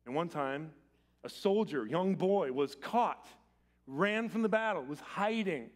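A man's voice: on the high side, expressive, a little slow. Give me a male pastor preaching with urgent swings. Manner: swings from loud urgent appeals to quiet, intimate lines. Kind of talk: sermon. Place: church sanctuary.

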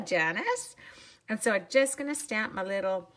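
A woman's voice: on the high side, brisk, fairly bright tone. A woman, hosting a casual live craft demo at home and chatting upbeat with viewers while she works. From Canada. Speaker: craft demonstrator.

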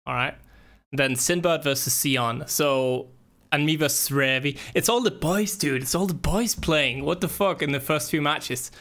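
A man's voice: fairly high pitch, measured pace, fairly bright tone. A young man hosting a gaming tournament stream, chatting casually and rambling with frequent swearing and fillers. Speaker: tournament organizer and stream host. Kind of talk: casual livestream chat.

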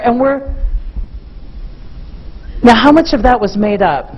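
Animated woman giving a keynote. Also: on the high side, slow pace, pauses often, lo-fi sound. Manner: animated storytelling to a live audience. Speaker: keynote speaker. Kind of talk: motivational keynote talk.

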